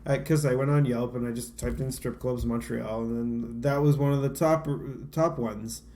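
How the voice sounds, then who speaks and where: A man's voice: medium pitch, fairly even intonation, normal speed, a little mellow. A man co-hosting a casual podcast chat, telling rambling, self-deprecating stories with lots of restarts. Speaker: podcast co-host.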